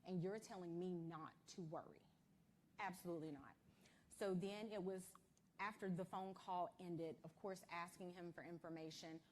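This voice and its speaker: A woman's voice: lowish voice, moderate pace, slight background noise. A woman speaking on a panel as a mother, retelling events urgently and emphatically. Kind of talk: recounting events to an audience.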